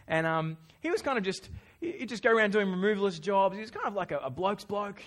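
High-voiced Australian preacher, conversational. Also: male voice, fast talker. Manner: conversational, lively storyteller. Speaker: pastor. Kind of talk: sermon with storytelling.

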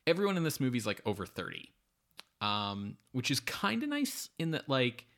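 A man's voice: medium pitch, big pitch swings, normal speed, a bit bright. Male podcast co-host, casual, rambling and sardonic, mid-range voice. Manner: rambling, filler-heavy, sardonic. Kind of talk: casual movie review chat.

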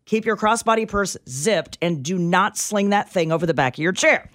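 A woman's voice: medium pitch, moderate pace, a bit bright. A woman co-hosting a radio show, chatty and wry in morning banter.

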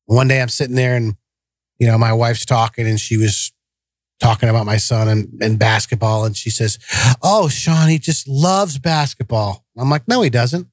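A man's voice: mid-range voice, normal speed, no room sound. A man co-hosting a podcast, telling family stories in a blunt, direct way and acting out the dialogue. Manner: blunt, direct storytelling, acts out quoted dialogue. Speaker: podcast co-host. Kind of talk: casual podcast chat.

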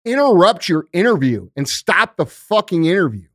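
A man ranting as a podcast guest, profane and forceful. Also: sits high, very animated, normal speed, dry recording, studio quality. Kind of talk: heated podcast rant.

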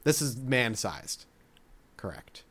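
A man's voice: medium pitch, sing-song, takes it slowly, fairly bright tone. A man hosting a podcast, reading a story aloud with jokey asides in casual chat. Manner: jokey, reads quotes with asides. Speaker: podcast host.

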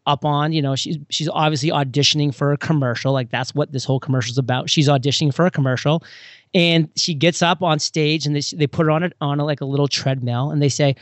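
Man, higher-pitched voice, animated storytelling, casual podcast talk, dry close sound. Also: dry recording. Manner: animated storyteller, acts out scenes with sudden pitch jumps. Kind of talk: casual conversation.

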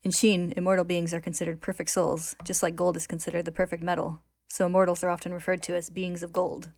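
A woman narrating a story recap in a steady, clear retelling. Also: fairly low pitch, fast talker, no echo.

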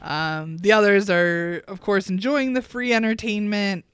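A woman's voice: mid-range voice, fairly even intonation, unhurried, fairly bright tone, smooth, no room sound, studio quality. A woman co-hosting a podcast, recapping a reality show in casual chat, sardonic and chatty with frequent laughs and ums. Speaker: podcast co-host.

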